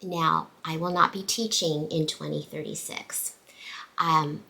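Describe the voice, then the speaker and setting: Bright-voiced chatty woman teacher. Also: sits low, steady tone, measured pace, vocal fry, poor audio. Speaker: teacher and podcast host. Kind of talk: casual chat.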